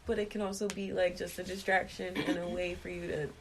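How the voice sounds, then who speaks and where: A woman's voice: fairly low pitch, flat delivery, brisk, a little hiss or hum. A woman co-hosting a podcast in casual chat, speaking bluntly and emphatically with plenty of swearing. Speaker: podcast co-host.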